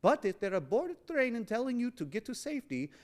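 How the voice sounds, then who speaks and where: Lively punny male horror host. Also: very high-pitched. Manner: playful, punny, halting with fillers. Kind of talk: live post-screening chat. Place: cinema auditorium. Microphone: lavalier.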